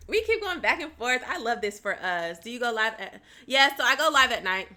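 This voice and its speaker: Chatty young woman with bright voice. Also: on the high side, animated, a little fast. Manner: chatty, laughs often, talks to viewers by name. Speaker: livestreamer. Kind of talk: casual livestream chat.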